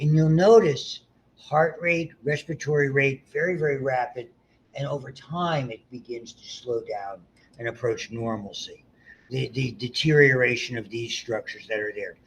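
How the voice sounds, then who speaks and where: A man's voice: medium pitch, a little hiss or hum, low-quality recording. Older man giving a rambling lecture. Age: about 70. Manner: rambling, conversational, many restarts and asides. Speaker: biology lecturer. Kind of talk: casual classroom lecture.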